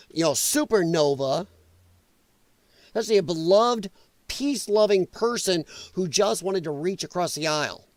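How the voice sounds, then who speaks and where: A man's voice: high voice, no room sound. A man hosting a political livestream, ranting sarcastically and chatting with viewers in the live chat. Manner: heated, sarcastic rant with mocking put-on voices; chats with live viewers while reading chat. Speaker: livestream host.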